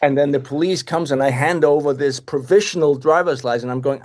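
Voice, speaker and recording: A man in his fifties from Denmark with a Danish accent, telling stories as a podcast guest in a lively way, often restarting and repeating words. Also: a little high, fairly quick, hardly any pauses. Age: 50s. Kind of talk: casual anecdotal storytelling.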